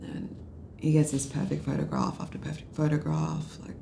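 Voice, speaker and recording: A woman's voice: low voice, level tone, moderate pace, vocal fry, warm tone, reverberant, slight background noise. An actress playing a drunk Australian political media adviser, bitter and sarcastic as she rambles through a story. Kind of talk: film drama dialogue.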